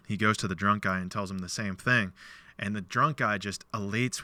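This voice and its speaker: Podcast host, male, lowish, bright and crisp voice, dry close sound, animated storyteller voicing quoted lines. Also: normal speed, no room sound. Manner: loose speech with many "like" fillers. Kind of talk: casual conversation, retelling a parable.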